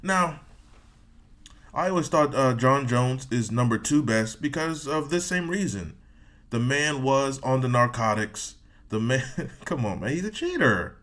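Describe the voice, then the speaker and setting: A man's voice: medium pitch, animated, measured pace, a bit bright. A man hosting a reaction video, reading a sports article aloud with rambling, joking asides and frequent laughs.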